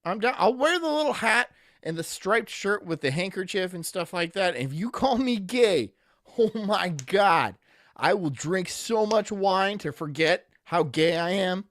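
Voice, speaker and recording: A man's voice: high voice, animated, a little slow, fairly bright tone, dry recording. A man streaming casually, reading chat aloud and rambling through jokey asides.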